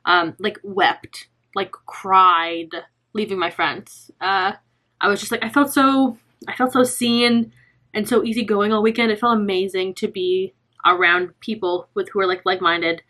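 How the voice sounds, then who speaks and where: A woman's voice: mid-range voice, normal speed, bright, forceful tone. A young woman chatting casually to camera in a knitting vlog, gushing and rambling with lots of fillers. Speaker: knitting vlogger.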